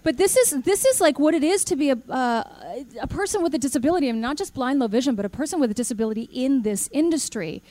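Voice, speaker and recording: Woman speaker, animated storytelling talk, slightly higher voice, acts out dialogue. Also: fast talker, hardly any pauses, no echo. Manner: animated storyteller, acts out quoted dialogue, asks the audience questions.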